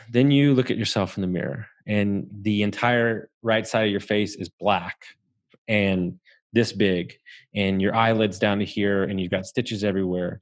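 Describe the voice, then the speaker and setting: A man from Southeast Texas tells his story in a low, relaxed register. He swears freely and chuckles along the way, with the easy tone of a podcast guest. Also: a little slow. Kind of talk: casual storytelling.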